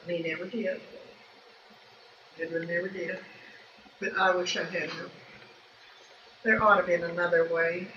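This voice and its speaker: A woman's voice: lowish voice, little pitch movement, moderate pace, long pauses. An older woman recalling her family life in an oral history interview, rambling and folksy, with many restarts. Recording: distant, echoey, dull and noisy home recording.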